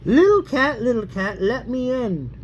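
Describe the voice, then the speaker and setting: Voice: medium pitch, big pitch swings, a little slow, highs cut off, slight background noise, voice pushed up. An adult reader voicing the big bad wolf in a bedtime story, in a sing-song, coaxing voice.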